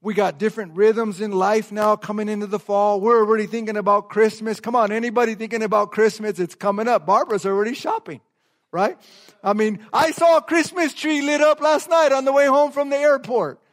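A man preaching a sermon as pastor, calling on the congregation to repeat phrases and drawing out key words slowly for emphasis. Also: high-pitched, fairly even intonation. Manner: call-and-response, asks the congregation to repeat phrases. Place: church service before a congregation.

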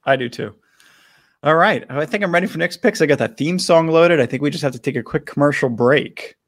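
A man's voice: fairly high pitch, brisk. A man co-hosting a casual sports podcast, chatting loosely and riffing through an ad read. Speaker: podcast co-host.

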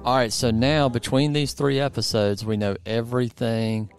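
A man hosting a podcast, chatting in a relaxed, upbeat way with some restarts. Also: medium pitch, normal speed, clean tone, faint music behind. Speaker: podcast host. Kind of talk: casual podcast chat.

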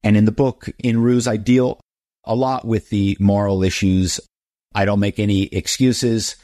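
Animated middle-aged man telling stories. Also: lowish voice, a little slow, no echo, clean studio sound. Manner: animated, acts out phone calls in other voices. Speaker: guest, author. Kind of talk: interview storytelling.

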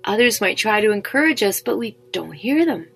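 A woman reading a scripted Bible devotional in a gentle, encouraging, measured way. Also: medium pitch, very animated, creaky, breathy edge, faint music behind. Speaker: devotional speaker.

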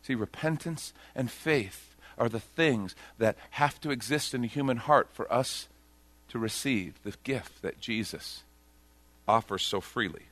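A pastor preaching a sermon in a conversational style, joking about himself and swinging from hushed, slow lines to loud, excited ones. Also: male voice, mid-range voice, no room sound.

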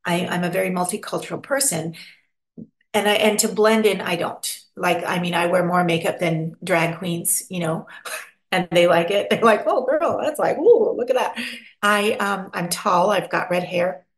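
A woman's voice: lowish voice, moderate pace. Chatty American woman, roomy sound. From Pennsylvania, USA. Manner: expressive, chatty, acts out little quoted voices. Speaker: podcast guest. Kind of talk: casual interview chat. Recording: roomy echo.

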